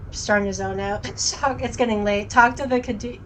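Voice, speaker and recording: A woman's voice: mid-range voice, fairly even intonation, brisk, fairly bright tone, a little hiss or hum, low-quality recording. A woman streamer chatting casually while playing and reading a story game aloud, often stumbling over names and correcting herself. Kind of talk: casual let's-play commentary and reading.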